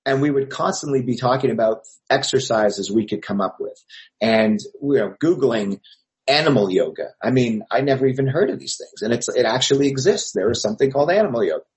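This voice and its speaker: A man's voice: medium pitch, lively intonation, brisk, poor audio. A man from Montreal, an actor, telling rambling anecdotes with many fillers in an interview. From Montreal, Canada. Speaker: actor and filmmaker guest.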